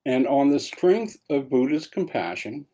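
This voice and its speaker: A man's voice: medium pitch, big pitch swings, a little slow, warm tone, husky. A man giving a dharma talk as a meditation teacher, telling a story in a casual way with asides.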